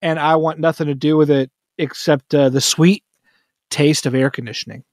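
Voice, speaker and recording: Jokey, fairly high-voiced man co-hosting. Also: fairly even intonation, dry recording, studio quality. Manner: jokey, self-deprecating, quick bursts. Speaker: podcast co-host. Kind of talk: casual sports podcast chat.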